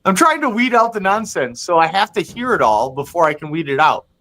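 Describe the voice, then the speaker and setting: A man's voice: a little high, big pitch swings, brisk, bright, forceful tone. A man co-hosting a live chat show, rambling through loose thoughts and trailing off mid-sentence. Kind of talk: casual banter on a live show.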